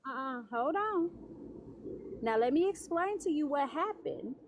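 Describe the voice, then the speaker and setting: A woman with a high voice hosts a livestream debate. She keeps interrupting her caller and talks down to him. There is a faint steady hum in the background. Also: measured pace. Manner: condescending, cuts callers off. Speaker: livestream host.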